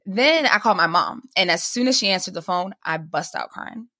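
A woman's voice: on the low side, expressive, fairly quick, bright, forceful tone, no room sound, clean studio sound. A young woman, a podcast guest, telling a personal story in casual chat and acting out the voices of the people in it. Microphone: remote call mic.

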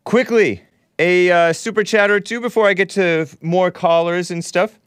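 Man, call-in host, casual chat, laughs a lot, smooth clear voice, dry close sound. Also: fairly even intonation, moderate pace, no echo. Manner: chatty, laughs often, sudden jumps in pitch.

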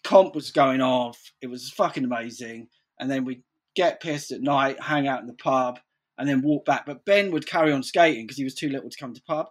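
A man's voice: medium pitch, fairly quick. A man telling stories in casual chat, rambling, swearing freely and saying "like" constantly.

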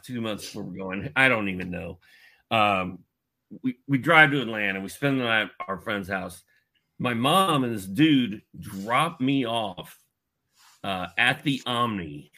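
A man in his fifties from Indianapolis, telling a long story as a podcast guest in a lively, filler-heavy way. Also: fairly low pitch. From Indianapolis, United States. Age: 50s. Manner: animated, with many fillers and asides. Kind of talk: casual storytelling.

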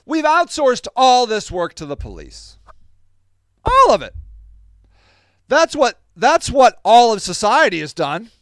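Podcast host, male, high smooth voice, lively storyteller acting out quotes, close dry mic. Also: no room sound. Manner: animated, acts out quoted voices, laughs often. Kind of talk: casual storytelling monologue.

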